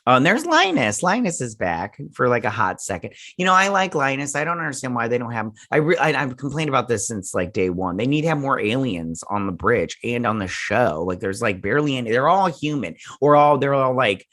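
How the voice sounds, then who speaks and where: A man's voice: medium pitch, very animated, brisk, hardly any pauses, fairly bright tone. A man in the middle of his vocal range talks loosely through an episode recap. He keeps falling back on filler and paraphrased dialogue, with an easy, unpolished review-show delivery. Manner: rambling, retells scenes in loose paraphrase. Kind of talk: casual episode breakdown.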